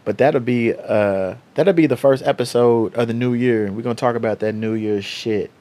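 A young man, hosting his own podcast and telling a story in a loose, profane, animated way. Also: medium pitch, normal speed. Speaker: podcast host. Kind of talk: casual solo podcast storytelling.

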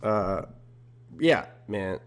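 A man's voice: on the low side, sing-song, drawn-out words. A young man hosting a casual solo podcast, talking in a laid-back, slangy way. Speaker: podcast host.

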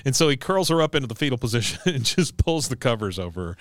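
A man's voice: mid-range voice, big pitch swings, quick pace, fairly bright tone, no room sound, clean studio sound. A man co-hosting a podcast, casually recapping a cartoon episode and acting out the characters' lines. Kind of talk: casual chat.

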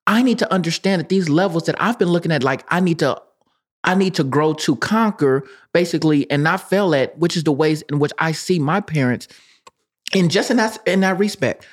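A man with a husky voice cuts into a podcast chat. His pitch swings widely as he stresses the point and talks straight to the audience, urging them to take it in. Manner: emphatic, hypes up the point to listeners. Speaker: podcast co-host. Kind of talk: casual podcast conversation.

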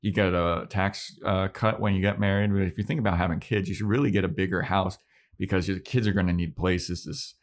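Young guy with a low voice, podcast cohost, animatedly retelling an episode and laughing a lot. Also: brisk. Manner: animated retelling with acted-out quotes and frequent laughter. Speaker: podcast co-host. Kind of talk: casual chat recapping a TV episode.

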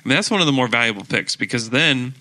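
A man hosting a casual sports podcast, rambling through his points and laughing often. His voice is bright, at a middling pitch. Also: lively intonation, quick pace. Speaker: podcast host.

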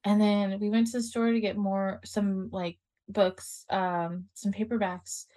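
A woman's voice: mid-range voice, level tone, a little slow, mellow. A middle-aged woman, a self-published author, chatting casually and laughing often. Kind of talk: casual chat.

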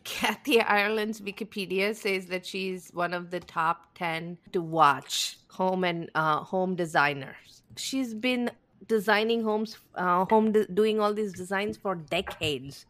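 A woman's voice: mid-range voice, measured pace. A woman co-hosting a podcast, retelling reality TV scenes in casual chat and laughing often. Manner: animated, laughs often while telling scenes. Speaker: podcast co-host.

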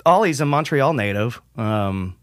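A man's voice: medium pitch, expressive, a little slow, dry recording, studio quality. A man guest on a podcast, chatting casually and rambling, swearing freely and acting out the things people said. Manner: rambling, swears freely, acts out quoted remarks. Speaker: podcast guest, metal singer. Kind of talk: casual conversation.

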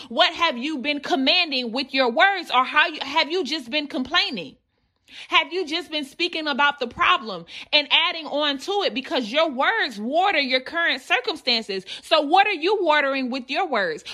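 Bright high-voiced woman preaching. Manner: repetitive preaching cadence, direct address. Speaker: Christian podcast host. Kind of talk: devotional sermon.

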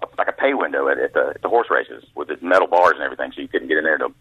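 Deep husky man storytelling on the phone. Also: very fast, no echo. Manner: folksy anecdotes, acts out voices. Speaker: guest author, former caddy. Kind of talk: storytelling interview. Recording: dry tinny phone line.

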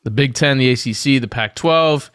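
A man's voice: mid-range voice, moderate pace, a bit bright, clean tone, no room sound, clean studio sound. A man co-hosting a podcast in casual chat, teasing his partner and steering the talk to the next topic. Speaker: podcast co-host.

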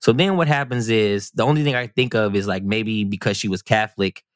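A man's voice: fairly low pitch, fairly quick, no echo, clean studio sound. A man telling a personal story on a podcast in a casual, rambling, self-mocking way. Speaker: podcast guest.

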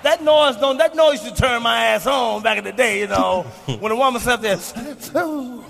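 A man in his forties doing a profane, boastful stand-up routine on stage, shouting his punchlines. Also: very high-pitched, fairly quick, gravelly. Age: 40s. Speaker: stand-up comedian. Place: comedy stage before a live audience. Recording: live hall recording with faint noise.

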